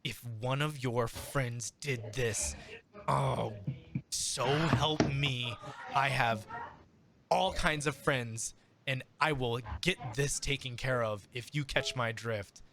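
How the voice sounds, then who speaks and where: A man's voice: slow pace, creaky, background noise. A man voicing a flustered, fussy man who makes blustering threats. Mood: threatening. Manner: high-pitched, loud and indignant.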